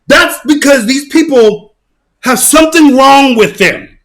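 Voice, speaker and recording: A man giving a mocking, emphatic rant as reaction commentary on his channel, often bursting into shouts. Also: extremely high pitch. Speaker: channel host.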